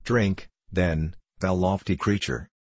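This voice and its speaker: A man's voice: low voice, slow, no echo. A man voicing an intense, obsessed male scientist who speaks impetuously in old-fashioned words, in an audiobook reading. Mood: earnest.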